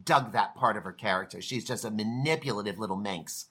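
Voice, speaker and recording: A man's voice: lowish voice, a little fast, a bit bright, slightly rough. A man co-hosting a podcast, chatting enthusiastically about an old film in a casual, rambling way. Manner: enthusiastic, chatty, trails off and restarts. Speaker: podcast co-host.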